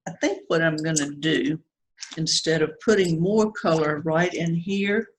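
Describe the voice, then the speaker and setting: Slow, chatty woman teaching watercolor. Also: deep voice, a little hiss or hum, rough recording. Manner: chatty, self-critical, reassuring. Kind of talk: painting demonstration, thinking aloud.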